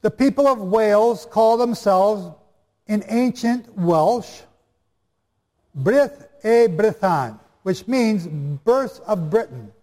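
Guy with a high voice preaching to a crowd, joking and asking them stuff, big reverby hall. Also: lively intonation, takes it slowly, mellow. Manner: chatty, jokey, quizzes the audience. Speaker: preacher teaching a congregation. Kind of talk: live Bible teaching to an audience. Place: hall before a live audience. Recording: long reverb of a large hall.

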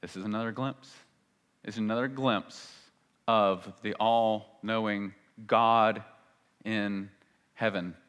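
A man preaching a sermon as a pastor, emphatic, swinging between loud and hushed and repeating phrases for stress. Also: fairly low pitch, steady tone, slow, pauses often, clean tone. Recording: long reverb of a large hall.

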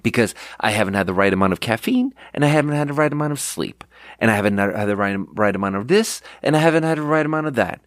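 Male solo podcast host, mid-pitched, dry close sound; digressive and self-mocking, acts out his anecdotes. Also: quick pace, no room sound. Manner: rambling, digressive, self-deprecating; animated storyteller who acts out quotes. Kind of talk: casual solo monologue.

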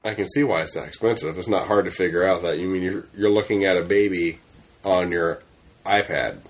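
A man's voice: low voice, a little fast. A man co-hosting a casual podcast, talking in an easygoing, rambling way with fillers. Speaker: podcast co-host. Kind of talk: casual chat.

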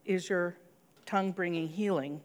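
A woman's voice: fairly low pitch, normal speed, in a large hall. A middle-aged woman pastor giving an earnest sermon, telling a personal story and leading into prayer.

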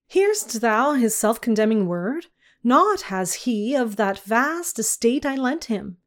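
A woman's voice: on the high side, expressive, slow. A woman reading the lines of an angry king in a storybook poem, in commanding archaic speech. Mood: stern. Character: stern angry old-world king, man.

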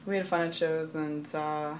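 Low-voiced woman reminiscing. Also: steady tone, normal speed, crowd noise. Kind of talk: casual chat.

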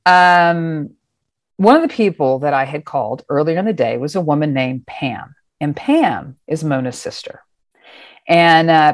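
Low-voiced woman telling a story. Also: dry recording, clean studio sound. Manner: animated, acts out voices, swears casually. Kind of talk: personal storytelling.

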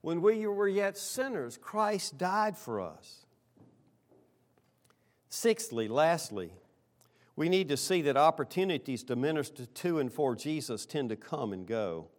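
A middle-aged man preaching a sermon, earnest, rising on key lines and dropping low for quiet asides. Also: lively intonation, measured pace. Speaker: pastor.

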